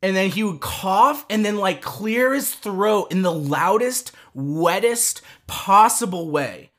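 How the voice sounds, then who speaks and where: A man co-hosting a podcast, telling a story in casual chat, animated and quick to swear, with many restarts. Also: high voice. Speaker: podcast co-host.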